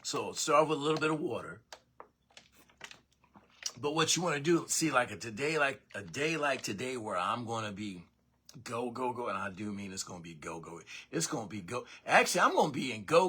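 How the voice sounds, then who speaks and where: A man hosting a casual morning sports show from his basement, rambling and correcting himself with animated asides. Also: medium pitch, background noise. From Northeast Tennessee. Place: home basement.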